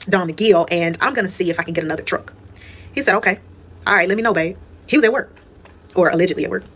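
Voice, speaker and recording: A woman's voice: fairly low pitch, fairly bright tone. A young woman telling a personal story to her viewers in a candid, casual, profane way. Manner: candid, profane, conversational, addresses viewers as y'all.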